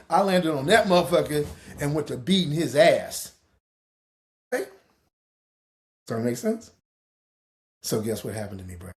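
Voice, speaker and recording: A man's voice: fairly high pitch, sing-song, unhurried, long pauses. A man telling a personal story as a podcast host, profane and dramatic. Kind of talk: casual storytelling monologue.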